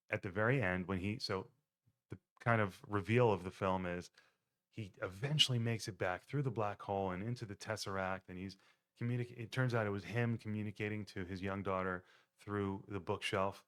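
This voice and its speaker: A man's voice: fairly low pitch, steady tone, normal speed, fairly bright tone. A man hosting his own podcast, retelling a film plot in a rambling, self-correcting way. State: choked up, near tears; tired. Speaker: podcast host. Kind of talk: casual film recap monologue.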